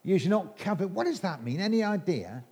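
A man's voice: high voice, big pitch swings, brisk, a little mellow, breathy edge. A middle-aged English man preaching an all-age sermon, quizzing children in a playful, teasing way.

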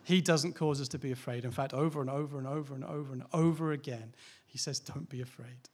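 A man's voice: mid-range voice, steady tone, fast, a little mellow. A man, a pastor, preaching a sermon in a candid, conversational way, asking rhetorical questions and laughing lightly now and then.

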